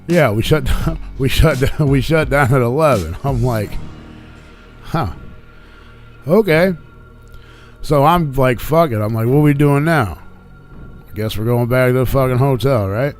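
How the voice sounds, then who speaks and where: A man's voice: medium pitch, unhurried, pauses often. A man hosting a radio show, telling a long story in casual, profane chat and acting out the quotes of people in it. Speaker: podcast host. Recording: faint music behind.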